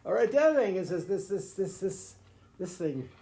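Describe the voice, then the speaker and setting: A man's voice: high voice, very animated, normal speed, vocal fry, warm tone. An older grandfather explaining the fiddle to a grandchild in a folksy, rambling way, full of restarts and chuckles. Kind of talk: casual home video lesson.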